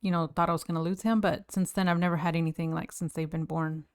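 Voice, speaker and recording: A woman's voice: lowish voice, little pitch movement, fast. A woman co-hosting a podcast, chatting casually in a teasing way and laughing easily. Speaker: podcast co-host. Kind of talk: casual chat.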